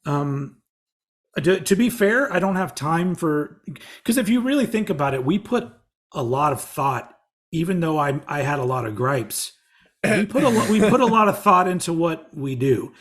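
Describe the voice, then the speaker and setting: Lively-voiced man co-hosting a podcast. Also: on the high side, normal speed. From Texas. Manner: rambling, laughing, swears casually. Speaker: podcast co-host. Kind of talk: casual chat.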